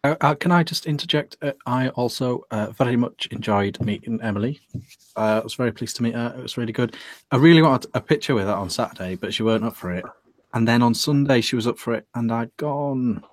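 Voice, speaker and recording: A man's voice: mid-range voice, a little fast, dry recording. A man co-hosting a casual livestream, polite and hesitant, often starting with "uh". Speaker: co-host.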